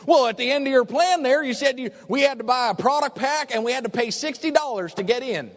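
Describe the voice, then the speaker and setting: A man mimicking a loud, accusing small-town woman. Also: high voice, lively intonation, a little fast, in a large hall, voice pushed up. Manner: barking, accusing. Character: pushy suspicious woman, an angry small-town prospect.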